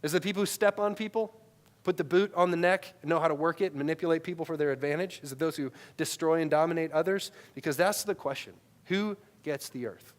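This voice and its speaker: A male pastor preaching a sermon in a conversational way, tagging lines with "right?" and swinging from loud emphatic peaks to quiet low asides, on a headset mic. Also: quick pace.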